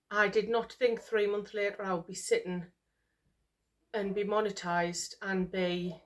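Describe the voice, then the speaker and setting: In a medium-pitched voice, a middle-aged British woman talks casually to camera for her vlog. She has been crying all morning, and she comes across as overwhelmed and emotional, sighing and going over the same words again.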